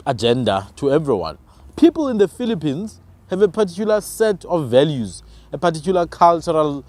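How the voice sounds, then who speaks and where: Man, slightly high voice, animated and preachy, podcast talker. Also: no echo. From South Africa. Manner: emphatic, preachy, rhetorical questions. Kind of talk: passionate conversational argument.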